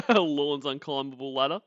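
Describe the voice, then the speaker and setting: A man's voice: mid-range voice, moderate pace, a bit bright, no room sound, dull audio. A man with a New Zealand accent, hosting a stream, who chats casually, mocks a played call and laughs often as he greets viewers.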